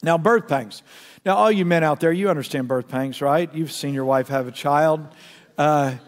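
A middle-aged male pastor preaching a sermon, passionate and storytelling, sometimes dropping to a hushed tone. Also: on the high side, moderate pace. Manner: impassioned, storytelling, drops to hushed tones. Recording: long reverb of a church hall.

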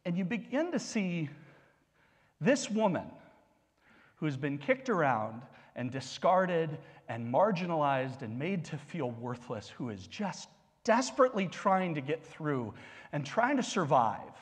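Animated, husky-voiced male pastor preaching. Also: on the high side, unhurried, in a large hall. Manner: conversational, animated preaching with asides. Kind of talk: sermon.

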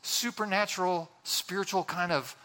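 Bright-voiced male pastor preaching. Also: high-pitched, normal speed, big-room sound. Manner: earnest, conversational, frequent restarts. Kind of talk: sermon.

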